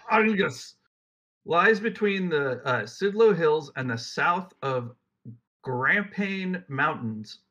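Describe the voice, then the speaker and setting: This young man co-hosts a casual podcast, reading facts aloud and then riffing on them with jokes in a rambling way. His voice is a little high and sharp, with lively intonation, and he takes it slowly, all captured on a dull lo-fi mic.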